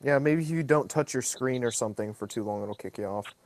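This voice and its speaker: A man's voice: mid-range voice, fairly quick. A man joining a casual online chat from his phone, easygoing and agreeable. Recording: phone with faint background noise.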